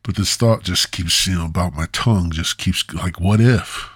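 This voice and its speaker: A man's voice: low-pitched, moderate pace, a bit bright, slightly rough, no room sound. A man hosting a podcast, rambling through a crude comedic monologue, repeating himself on a close mic. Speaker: podcast host.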